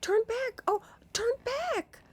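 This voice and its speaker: A woman's voice: animated, takes it slowly, no room sound, full character voice. A woman voicing a feverish little boy baron calling out in pleading, stumbling cries, in a storybook reading. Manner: high, pleading, stumbling calls.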